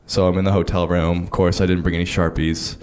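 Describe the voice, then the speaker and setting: A man casually telling a self-mocking story on a panel, laughing often and getting animated. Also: low voice, quick pace, smooth. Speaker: DJ on a convention panel.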